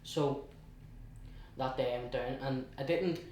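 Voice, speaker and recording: A man's voice: medium pitch, darkish tone, slight background noise. Chatty young Belfast man, echoey and distant. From West Belfast, Northern Ireland. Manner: chatty, halting, many restarts and quoted asides. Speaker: guest. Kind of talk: casual storytelling interview. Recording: echoey room, heard from a distance.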